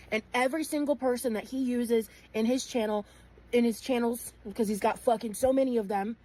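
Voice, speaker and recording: A woman with a fairly high voice delivers angry, blunt commentary. She swears freely and fills her sentences with "like" and "you know", pressing each point hard. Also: a little mellow, low-quality recording. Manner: blunt and profane, frequent fillers. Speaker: streamer in a clipped commentary segment. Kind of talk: heated commentary.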